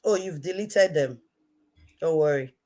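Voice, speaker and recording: A woman with a Nigerian accent giving an impassioned rant to camera, repeating herself emphatically and swinging between quiet intensity and shouting. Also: sits low, a little slow. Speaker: online commentator.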